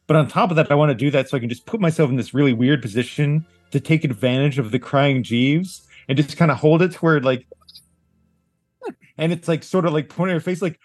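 Guy player explaining his moves, kinda high voice, dry close sound, lots of likes. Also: a little fast, no room sound, faint music behind. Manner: animated, hedging with fillers. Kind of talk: describing actions in a tabletop game.

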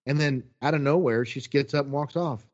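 A man in the middle of a long, chatty story, acting out what everyone said in a relaxed, animated way. His voice sits in an ordinary middle range. The recording sounds a little muffled and lo-fi. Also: mid-range voice, a little fast. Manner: animated, chatty, quotes people as he goes. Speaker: guest telling a story. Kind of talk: casual storytelling.

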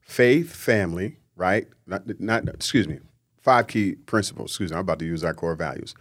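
A man, a guest on a podcast, talking in a lively, preachy way and mimicking people he quotes. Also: low-pitched, moderate pace. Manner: animated, preachy, acts out quotes in mocking voices. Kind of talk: casual podcast conversation.

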